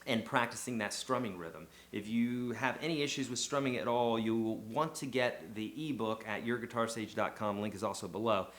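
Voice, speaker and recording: A man's voice: on the low side, moderate pace, hardly any pauses, fairly bright tone, a little hiss or hum. A man teaching a casual guitar lesson, chatty and encouraging, counting beats aloud as he goes. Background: his own acoustic guitar playing.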